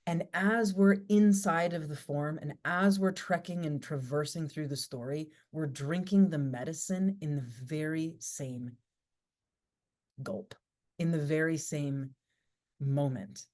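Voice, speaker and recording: A woman workshop teacher giving a reflective talk, speaking in measured, incantatory phrases built from lists. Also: deep voice, a little mellow.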